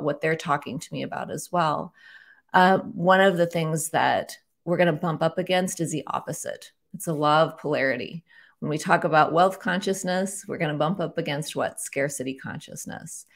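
Gravelly low-voiced woman giving spiritual guidance. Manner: warm-hearted, reflective, with repetitions and restarts. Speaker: host of a weekly spiritual guidance video. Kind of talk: casual spiritual teaching to camera.

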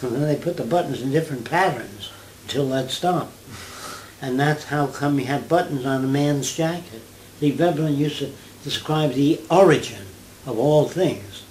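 An older man from New York talks through his ideas in a relaxed, storytelling interview, moving from one anecdote to the next. Now and then he slips into mimicked accents before going back to his everyday voice. A faint hiss of background noise sits under the recording. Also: medium pitch, normal speed, echoey room, rough recording. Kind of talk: conversational storytelling.

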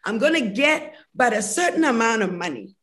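A woman's voice: a little high, sing-song, a little fast. A woman in her sixties with a Ghanaian accent, talking in a laid-back, heartfelt way as an interview guest. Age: 60s. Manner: warm, laid-back and heartfelt, laughs easily. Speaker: fitness entrepreneur guest. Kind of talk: relaxed interview conversation.

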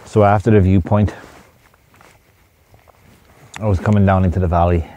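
A man's voice: low-pitched, fairly even intonation, normal speed, mellow, slight background noise. A man vlogging outdoors on a winter hike, talking in a laid-back, rambling, self-mocking way while out of breath. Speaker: photography vlogger. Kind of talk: casual vlog commentary.

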